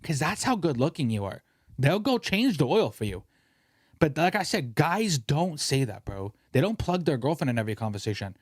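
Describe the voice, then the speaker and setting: Animated young man ranting on a podcast. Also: on the high side, moderate pace, no room sound, studio quality. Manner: animated, swears freely, ranting. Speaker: podcast host. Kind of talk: casual podcast rant.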